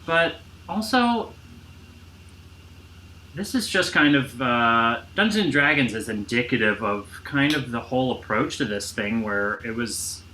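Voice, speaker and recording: A man's voice: mid-range voice, animated, measured pace, bright, forceful tone, low-quality recording. A man hosting a casual podcast chat who rambles, restarts his sentences and swears casually. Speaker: podcast host. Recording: faint background noise.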